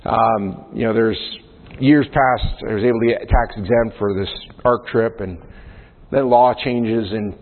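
A man's voice: fairly low pitch, fairly even intonation, measured pace. A male pastor preaching a sermon in a conversational way, often checking in with "right?" as he explains Scripture. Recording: phone-like sound in a long-reverb hall.

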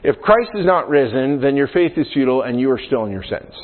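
A man's voice: medium pitch, animated, fast talker. A male pastor preaching a sermon in a conversational way, often checking in with "right?" as he explains Scripture. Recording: phone-like sound in a long-reverb hall.

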